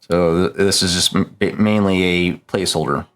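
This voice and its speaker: A man running a tabletop game as game master, explaining details in a halting way full of "uh"s and restarts. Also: low-pitched, steady tone, a bit bright.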